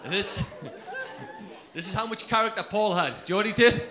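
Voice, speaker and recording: High-voiced comedian. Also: male voice, brisk, heavy background noise. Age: 30s. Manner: brash, swearing storyteller. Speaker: stand-up comedian. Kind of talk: stand-up storytelling. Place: comedy club stage.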